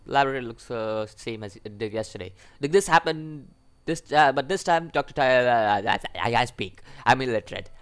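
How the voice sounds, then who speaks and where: A man's voice: medium pitch, animated, normal speed, a bit bright, clear, resonant tone. A man giving casual let's-play commentary on a visual novel, chatty and self-mocking, laughing at himself as he reads. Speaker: gaming video creator.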